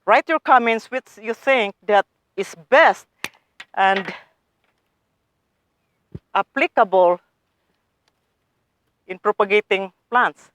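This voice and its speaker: A woman's voice: mid-range voice, slow, long pauses, fairly bright tone, a little hiss or hum. A woman showing viewers her garden work in a casual how-to vlog, eager and chatty, often calling them guys. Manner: eager, addresses viewers as guys, non-native phrasing. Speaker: gardening vlogger.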